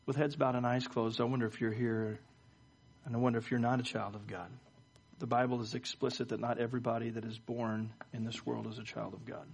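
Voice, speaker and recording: Middle-aged pastor preaching. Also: male voice, mid-range voice, level tone, a little fast, vocal fry, breathy edge. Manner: storytelling with frequent stammered word repeats. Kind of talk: sermon with closing prayer. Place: church service.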